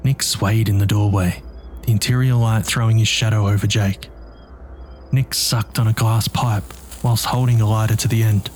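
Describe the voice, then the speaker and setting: A man narrating a dark story in a tense, measured, scripted delivery. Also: lowish voice, fairly even intonation, soft background music.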